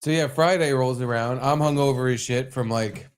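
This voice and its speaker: Young guy co-hosting a podcast, loud and crude, keeps doing goofy toasts. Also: medium pitch, clear, resonant tone. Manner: rowdy, swears a lot, drawn-out mock toasts. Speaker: podcast co-host. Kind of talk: casual chat. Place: home podcast studio.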